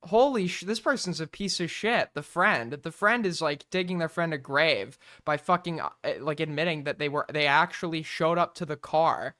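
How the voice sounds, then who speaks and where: A man's voice: on the high side, normal speed, few pauses, bright, forceful tone. A man streaming, reacting to a video with blunt, profane, exasperated commentary.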